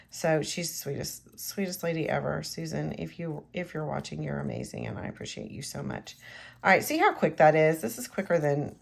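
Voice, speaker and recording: A craft demonstrator with a low, gravelly voice leads viewers through making a card, keeping up a chatty, personal commentary aimed straight at them while her hands work. She talks fairly quickly with lively intonation, often dropping to a hushed near-whisper as she concentrates.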